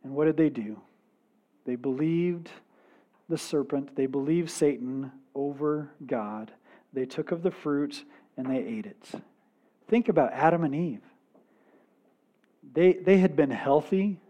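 A man preaching a sermon at a slow, deliberate pace. His voice sits a little high. He speaks earnestly and drops to a quiet weight on the key points. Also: highs cut off. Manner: measured, earnest preaching with dramatic pauses and quiet emphasis. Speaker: pastor.

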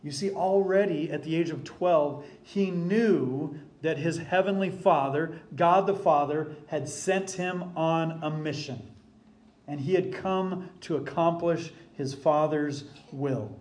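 A man preaching a sermon from the pulpit as the pastor, emphatic and deliberate, slowing down to stress key phrases. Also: fairly high pitch, a little mellow.

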